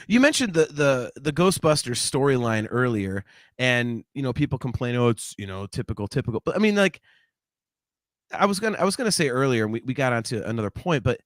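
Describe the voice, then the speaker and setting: Male podcast co-host, bright and somewhat high, rambling casual movie talk, dry close mic. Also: dry recording. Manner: rambling, many fillers and restarts, laughs easily. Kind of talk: casual movie review chat.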